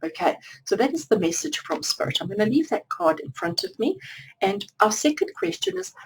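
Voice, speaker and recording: A woman's voice: a little high, big pitch swings, a little fast, creaky, husky, low-quality recording. A woman giving a spiritual tarot reading to viewers, repeating phrases in long chains. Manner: repetitive, lists phrases in chains. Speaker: tarot card reader.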